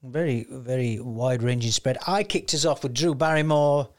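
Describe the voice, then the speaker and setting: A man's voice: medium pitch, steady tone, normal speed. A man hosting a casual podcast chat, rambling and laughing as he talks. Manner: chatty, rambling, laughs often. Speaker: podcast host.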